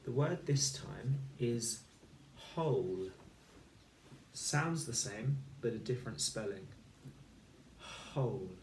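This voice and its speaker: A man teaching a recorded phonics lesson for children, speaking slowly and clearly and sounding out each letter and word. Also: medium pitch, animated, darkish tone, a little hiss or hum. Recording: echoey room, voice a little far from the mic.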